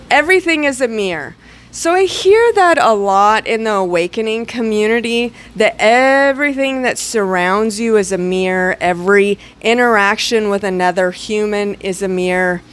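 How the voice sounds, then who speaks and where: A woman giving a casual, animated spiritual teaching to her students, with chatty, playful asides. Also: medium pitch, normal speed, clear, resonant tone.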